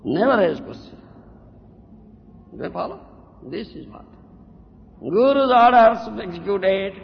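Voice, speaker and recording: A man's voice: high voice, gravelly. A man giving a devotional lecture, scolding his listeners and mocking their excuses, often asking "huh?" between points. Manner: scolding, mocks a disciple's excuses in a put-on voice, keeps asking "huh?". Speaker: spiritual teacher. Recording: dull old tape in a reverberant hall.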